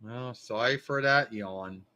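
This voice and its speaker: A man hosts his live stream in an easygoing, wandering monologue. His voice sits at an ordinary middle pitch, and he drops casual swears as he goes. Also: slow, pushed and bright, rough recording. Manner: meandering, loose, swears casually. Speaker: livestream host.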